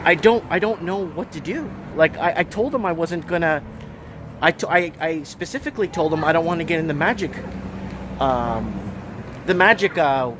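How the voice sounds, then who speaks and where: A man's voice: on the high side, normal speed, background noise. Exasperated man ranting in his shop. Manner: rambling, exasperated, repeats himself. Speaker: vlogger and shop owner. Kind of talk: casual vlog rant. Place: shop under renovation.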